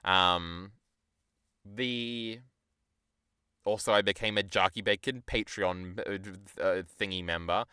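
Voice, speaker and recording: A man's voice: low voice, steady tone, takes it slowly, pauses often, sharp tone, clean tone, no echo, clean studio sound. A young man streamer rambling in a casual, profane, self-deprecating way while he chats to his viewers.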